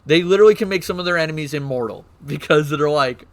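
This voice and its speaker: A man streaming, excitedly explaining game lore in casual chat, swearing and laughing. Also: on the high side, fast.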